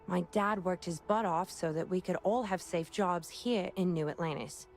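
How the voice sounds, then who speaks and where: A woman's voice: fairly low pitch, moderate pace, natural voice. An actress playing a friendly, talkative young city woman who worries about her brother, in a video game. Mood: worried. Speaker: game character. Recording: game audio with music behind.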